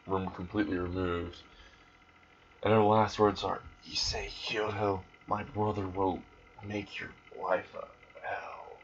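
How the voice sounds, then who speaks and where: A man casually narrating an improvised fan story in a rambling, crude, deadpan way. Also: on the low side, lo-fi sound.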